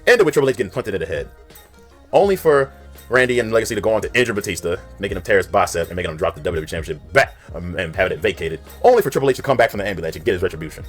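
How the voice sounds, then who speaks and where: A young man tears through his countdown at a very fast clip, his voice sitting low. He retells storylines in an animated, slang-heavy way while faint music plays underneath. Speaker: video creator. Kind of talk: casual countdown commentary.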